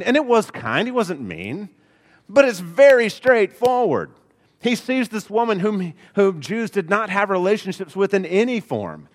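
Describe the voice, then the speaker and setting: A high-sitting male voice with a long reverb tail, this Alabama-accented pastor preaches a sermon in a church sanctuary. He's earnest, full of rhetorical questions, and drops in folksy asides.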